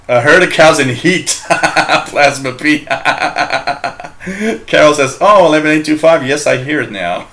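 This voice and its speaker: A man from Canada hosts a live shortwave radio chat, rambling along at an unhurried pace. His voice is bright and forward, and he jokes and laughs often while reading messages from listeners. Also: a little high. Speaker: radio show host.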